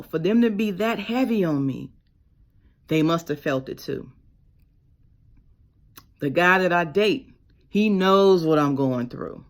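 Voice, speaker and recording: A woman with a tells her story straight to the camera in a personal vlog. Her voice sits on the low side. She drops to a hush, then rises to emphatic bursts. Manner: expressive, swings from hushed to emphatic. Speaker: vlogger.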